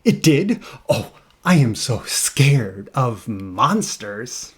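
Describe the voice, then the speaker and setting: A man voicing a timid, fretful furry monster while reading a children's picture book aloud, in a rough, drawn-out imitation. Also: big pitch swings, full character voice. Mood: scared. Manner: pleading, high and drawn-out, deliberately rough imitation.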